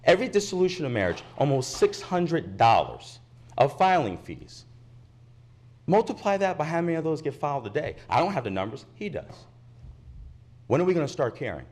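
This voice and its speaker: Man, public commenter, indignant, insistent, very lively pitch, podium mic in a meeting chamber. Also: moderate pace. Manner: indignant, insistent, repeats his points. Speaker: resident speaking at public comment. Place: county commission meeting chamber.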